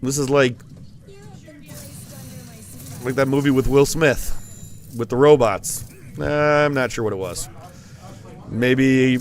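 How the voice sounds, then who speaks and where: Joking male esports commentator. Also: mid-range voice. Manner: rambling, playful asides. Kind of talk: joking live game commentary.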